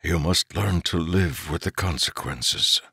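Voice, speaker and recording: A man voicing a quiet, loyal male servant who speaks softly, slowly and with measured solemnity. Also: low voice, vocal fry, husky, no echo, clean studio sound, exaggerated voice. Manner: soft, slow and measured.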